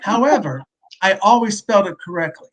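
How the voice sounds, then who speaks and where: Guest expert, man from the West Coast, high voice, explanatory chat. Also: animated, brisk. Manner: explanatory, conversational. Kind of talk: casual panel discussion.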